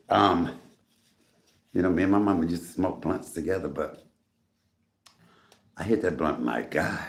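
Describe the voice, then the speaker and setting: Man, middle-aged, deep voice, gravelly, coughing, casual livestream chat, phone on a tripod at home. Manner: chatty, greets viewers by name, coughing between phrases. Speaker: livestream host. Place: home room.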